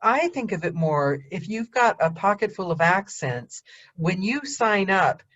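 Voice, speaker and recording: An American woman hosting a casual call, talking quickly and laughing often. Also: medium pitch, very animated, a bit bright, lo-fi sound. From United States. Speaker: podcast host. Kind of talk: casual video-call chat.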